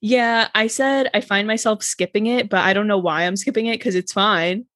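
A woman's voice: mid-range voice, fairly even intonation, normal speed, a bit bright, dry recording, clean studio sound. A young woman co-hosting a casual chat podcast, gushing and chatty and swearing freely. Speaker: podcast co-host.

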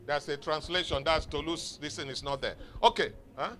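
A man's voice: on the high side, normal speed, fairly bright tone. A man preaching a sermon in a church, emphatic and exhorting, calling out to his congregation for responses. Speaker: pastor. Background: faint music from outside.

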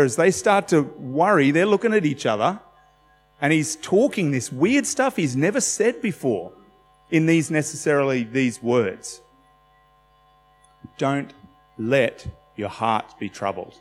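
A man preaching a conversational sermon, animated and laughing often as he talks. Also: on the high side, a little slow. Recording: hall reverb with faint music.

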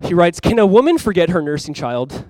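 A man's voice: sits high, sing-song, brisk, mellow, no room sound, studio quality. A young man preaching a sermon to his church as pastor, earnest and conversational, with many fillers.

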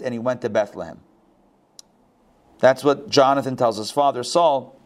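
A man teaching a Bible class. He reads verses aloud and breaks in with casual commentary, full of restarts and quick asides. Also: mid-range voice.

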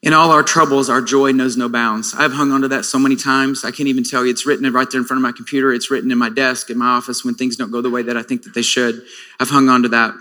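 A man in his forties sharing a personal testimony in a sermon, earnest and reflective, often pausing with fillers and restarting his sentences. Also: medium pitch, little pitch movement, sharp tone, in a large hall.

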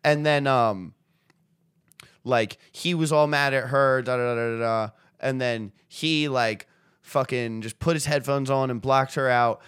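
A man's voice: medium pitch, measured pace, a bit bright, clean tone, no room sound, clean studio sound. A young man co-hosting a podcast in casual chat, loose and profane, often laughing and acting out quotes. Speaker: podcast co-host.

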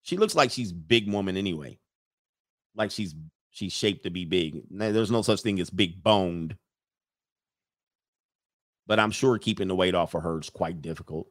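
Loud joking man on a livestream. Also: deep voice, moderate pace, pauses often, no echo, clean studio sound. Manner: loud, blunt, joking, laughs often. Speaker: livestream host. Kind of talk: casual livestream commentary.

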